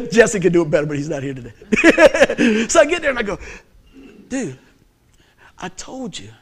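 Male pastor, middle-aged, high-pitched, animated sermon delivery with loud bursts and soft asides. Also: brisk, husky. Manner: animated storytelling with laughter and loud peaks.

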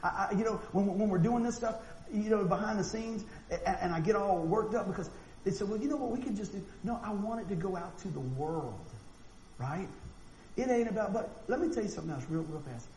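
A man preaching a sermon, animated and folksy, acting out quotes and often repeating words. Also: high-pitched, brisk. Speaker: pastor. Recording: echoey room with faint noise.

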